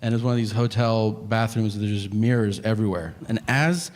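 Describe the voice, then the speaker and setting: A man's voice: fairly low pitch, fairly quick. Self-mocking male stand-up comic. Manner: self-deprecating, deadpan storytelling. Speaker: stand-up comedian. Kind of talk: stand-up comedy routine. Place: comedy stage.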